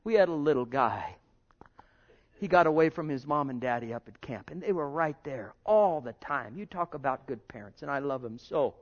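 A man pastor preaching a sermon to his congregation, swinging between loud exhortation and hushed, intimate tones. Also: mid-range voice, lively intonation, normal speed, lo-fi sound.

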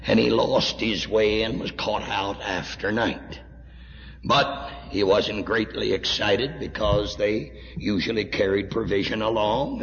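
A man preaching a sermon, telling a story dramatically and swinging from hushed tones to shouts. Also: lowish voice, gravelly. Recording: dull echoey hall recording.

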